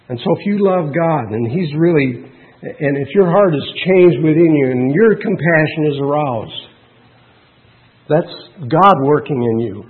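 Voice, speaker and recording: Man, preacher, earnest sermon, fairly high voice, thin phone-like sound. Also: lively intonation, unhurried. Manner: earnest, preaching with rising emphasis and asides to the congregation.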